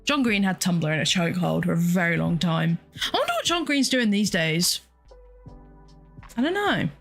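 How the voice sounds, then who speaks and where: A woman's voice: fairly low pitch, sing-song, moderate pace, soft background music. A young woman, hosting a casual solo chat. She rambles, exclaims often and laughs a lot. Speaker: podcast host and streamer.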